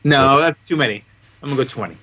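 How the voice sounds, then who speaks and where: A man's voice: medium pitch, fast talker, bright, forceful tone. A man co-hosting a comics podcast in casual, joking chat, rambling and now and then putting on silly voices. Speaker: podcast co-host.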